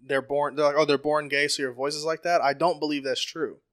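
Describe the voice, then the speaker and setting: A man co-hosting a podcast, talking in crude casual banter and laying out long questions loudly with lots of swearing. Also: fairly high pitch, level tone, brisk. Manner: loud, profane, lays out questions at length. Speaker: podcast co-host.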